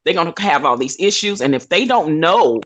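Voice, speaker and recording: A woman's voice: low-pitched, animated, fairly quick, no echo. A middle-aged grandmother chatting frankly in a group talk, telling family stories in an earnest, direct way. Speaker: panelist. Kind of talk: casual group chat.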